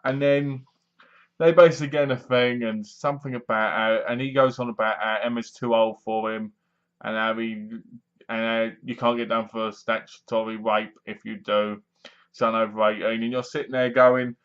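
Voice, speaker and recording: A man's voice: mid-range voice, flat delivery, moderate pace, clear, resonant tone, dull audio. A man reviewing a horror film, retelling the plot with acted-out reactions and sound effects. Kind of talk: casual film review monologue.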